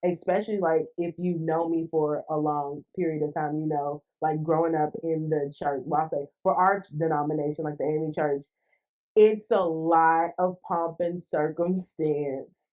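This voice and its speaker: A woman guest on a podcast, talking earnestly and lively, often saying "like". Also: deep voice, normal speed. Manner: earnest, heavy use of "like", lively. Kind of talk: conversational podcast chat. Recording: distant mic, roomy.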